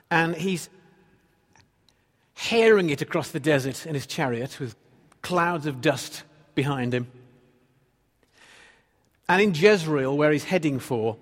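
A man's voice: fairly high pitch, big-room sound. A man preaching a sermon as pastor, earnestly reading and explaining scripture.

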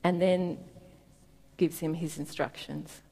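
A woman giving a gentle, reflective sermon, reading scripture and laughing softly now and then. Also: sits low, steady tone, slow pace, gravelly, husky. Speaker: preacher. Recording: long reverb in a hall.

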